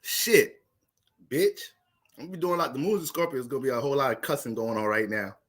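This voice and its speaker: A young man casually talking through an astrology livestream, profane and animated, laughing often. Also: mid-range voice, fast talker.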